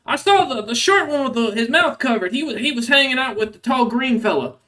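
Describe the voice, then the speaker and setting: A small troll henchman with a high, eager voice, quick to tattle to his boss, as a man acts him out. He sounds keen and pushy, and a little far from the microphone. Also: expressive, pushed and bright, full character voice.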